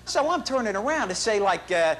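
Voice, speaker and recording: A man's voice: high-pitched, big pitch swings, a little fast, fairly bright tone. An actor playing a chatty, boastful working-class family man in a comic stage monologue, rambling in street slang and bad grammar. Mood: bragging. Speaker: stage performer in a one-man show. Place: theater stage.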